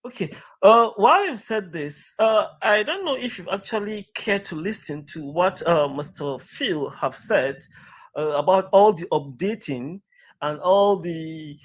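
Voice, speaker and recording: A man's voice: sits high, expressive, a little slow. A man talking in a wordy, stammering way in a live-stream debate, often apologizing and restarting.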